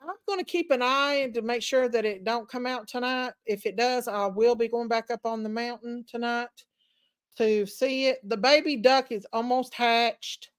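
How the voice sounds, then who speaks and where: A Tennessee woman livestreams from her farm home on a phone or laptop, starting outdoors and then moving inside. She chats casually and rambles to her viewers, calling them y'all, in a clear, resonant voice on the high side at a moderate pace.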